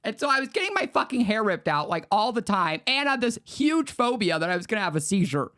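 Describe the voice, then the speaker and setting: Swearing young man telling lively stories. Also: sits high, quick pace. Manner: crude, lots of swearing, animated storytelling. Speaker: podcast co-host. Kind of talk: casual chat, storytelling.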